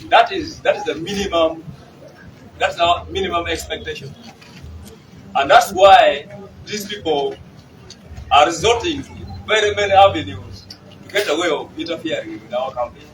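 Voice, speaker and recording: A man's voice: a little high, moderate pace, long pauses. A man with a Ugandan English accent, a party regional chairman speaking emphatically at a press conference. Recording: distant mic, noisy outdoor ambience.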